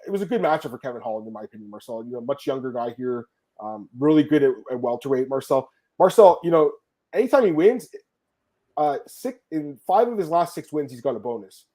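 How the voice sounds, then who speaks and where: Man, rapid-fire podcast host, animated and loose, swears freely. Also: mid-range voice. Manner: fast, animated, swears and laughs often. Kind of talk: casual sports podcast chat.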